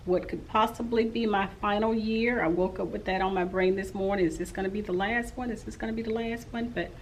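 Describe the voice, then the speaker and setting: A woman's voice: mid-range voice, a little hiss or hum, rough recording. A woman in her forties, a teacher, recapping her day in a casual, rambling vlog. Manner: rambling and talkative.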